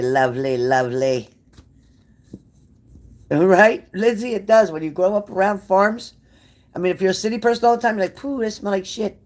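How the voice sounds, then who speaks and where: A woman hosting a casual livestream, blunt and sassy, cursing freely as she answers viewer comments. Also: deep voice. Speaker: livestream tarot reader.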